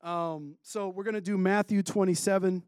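A man's voice: sits high, fairly even intonation, normal speed, darkish tone, smooth, no echo. A man preaching a sermon in a casual way, with joking asides.

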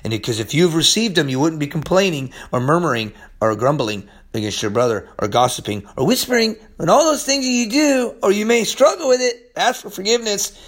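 Impassioned high-voiced male preacher. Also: sing-song, a little fast, hardly any pauses. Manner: impassioned, swings from soft to yelling; laughs often mid-sentence. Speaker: pastor. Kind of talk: sermon.

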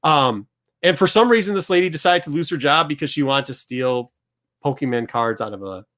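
A man's voice: a little high, animated, a little fast, a bit bright. A middle-aged man hosting a show, telling a story and acting out both sides of the exchange. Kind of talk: storytelling to a studio crew.

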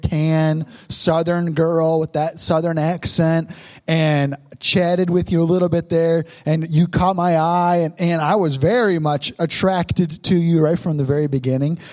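Joking man pastor, slightly high voice. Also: darkish tone. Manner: joking, teasing storyteller. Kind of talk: sermon told as a couple's story.

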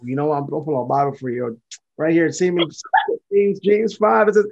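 Man, podcast guest, earnest testimony, fast, husky. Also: fairly high pitch, steady tone, darkish tone, highs cut off. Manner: earnest, repetitive, fast-talking. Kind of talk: casual faith testimony.

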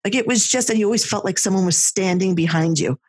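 A woman tells a personal story in a casual chat. Her voice is husky and breathy, and she talks in an animated way, full of fillers and restarts. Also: mid-range voice, quick pace.

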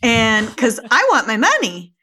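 Animated woman telling a wild story. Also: fairly high pitch, measured pace. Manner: animated storyteller, acts out quotes. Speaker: podcast guest. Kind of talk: storytelling in a casual interview.

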